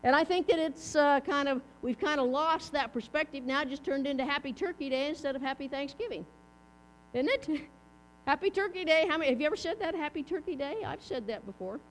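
Speaking briskly in a high voice, a middle-aged woman preacher delivers a casual, folksy sermon in a chatty style and puts questions to her listeners. A mains hum can be heard beneath her.

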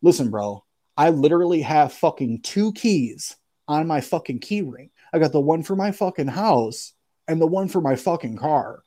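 Male guest, mellow dark tone, laid-back slangy storyteller, swears freely. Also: on the high side, expressive, normal speed. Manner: slangy, profane, keeps saying "bro". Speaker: podcast guest. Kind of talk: casual storytelling.

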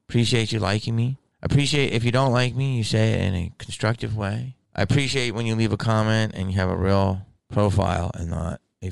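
Low gravelly man ranting casually. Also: no echo. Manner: profane, rambling storytelling. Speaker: podcast host. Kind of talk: casual monologue.

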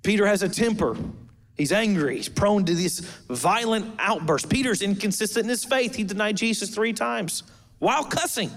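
Guy pastor with a high voice, preaching casual and funny, talks right to the crowd. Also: expressive, moderate pace, a bit bright. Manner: humorous, conversational preaching with asides to the congregation. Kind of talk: sermon.

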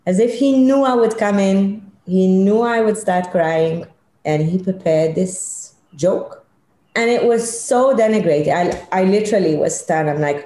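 A middle-aged woman tells a story as an interview guest, animated and emphatic. Her voice sits a little low and sounds warm and mellow. The room around her is echoey. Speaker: guest, leadership consultant.

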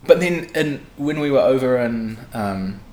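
A young man with a New Zealand accent, chatting casually on a podcast and telling animated, profanity-laced stories. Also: medium pitch, a little slow. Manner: animated storyteller, swears freely. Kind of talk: casual chat. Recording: echoey room, faint background hum.

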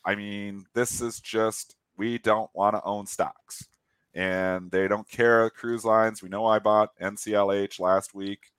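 A man's voice: lowish voice, level tone, slow, a bit bright, clear, resonant tone, no room sound. A middle-aged man with a nasal voice, co-hosting a casual stock market show and talking through his trades. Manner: opinionated, talks through trades. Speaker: co-host.

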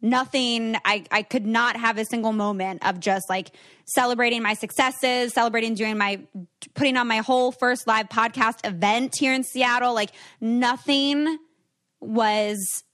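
A woman's voice: a little high, steady tone, a little slow, fairly bright tone. A young woman hosting a podcast, telling a candid story in casual chat, rambling with lots of likes. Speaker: podcast host.

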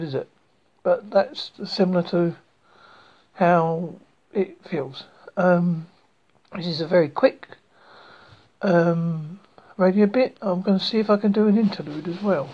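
A man from Essex, England, hosting a small community radio show, rambling along in a chatty, self-deprecating way. His voice is husky and breathy. The recording sounds dull and lo-fi. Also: high-pitched, unhurried, pauses often. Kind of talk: rambling casual radio chat.

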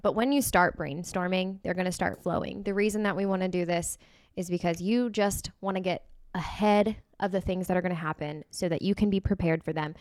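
A woman co-hosting a casual podcast, earnest and emphatic as she gives advice. Her voice sits a little low for a woman. The sound is close and dry. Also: steady tone, brisk, darkish tone, no echo. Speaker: podcast co-host.

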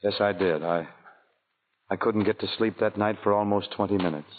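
A man playing a breezy scheming smooth talker. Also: on the low side, moderate pace, close to an everyday voice. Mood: sheepish. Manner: relaxed, breezy, coaxing. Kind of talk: 1940s radio comedy acting. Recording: tinny 1940s radio broadcast with hiss.

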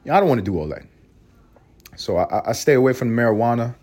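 A young man from the United States who hosts a podcast, telling a story in casual solo chat, animated, with big swings in pitch and loudness. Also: quick pace. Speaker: podcast host.

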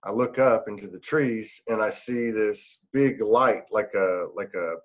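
A man's voice: on the low side, measured pace, dull audio. A middle-aged man, a podcast guest, telling a personal story in an earnest, rambling way, laughing often and using many fillers. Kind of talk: casual storytelling.

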